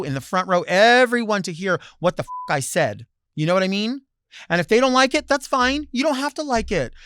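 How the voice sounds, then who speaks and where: A man hosting a talk show, delivering a sassy, theatrical solo monologue with loud bursts and low asides. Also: dry recording, studio quality. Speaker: host.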